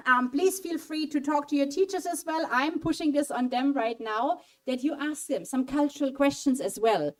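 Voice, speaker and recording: In a small auditorium hall, a German-speaking woman at a college event runs a playful quiz, her voice bright and high-pitched. Holding a handheld mic, she coaxes the audience to choose answers and keeps everyone engaged. She talks at a normal speed with few pauses, lively and coaxing throughout this interactive quiz.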